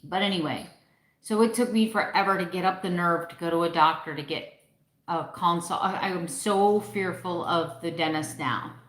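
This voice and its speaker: Middle-aged woman vlogger, candid and emotional live-chat host, lowish voice, roomy echo. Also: moderate pace, fairly bright tone. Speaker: vlogger hosting a live stream. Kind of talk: casual live-stream chat.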